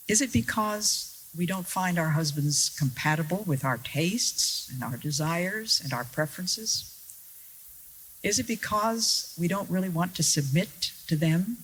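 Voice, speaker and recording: A woman preaching a sermon to an audience, earnest and deliberate, with wry rhetorical questions and stressed key words. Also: fairly low pitch, a little hiss or hum, rough recording. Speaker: Christian speaker.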